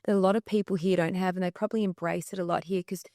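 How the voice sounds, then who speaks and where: Animated Australian woman, low voice. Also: very fast, dry recording, clean studio sound. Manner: animated, acts out quoted voices. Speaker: podcast guest. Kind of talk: casual chat.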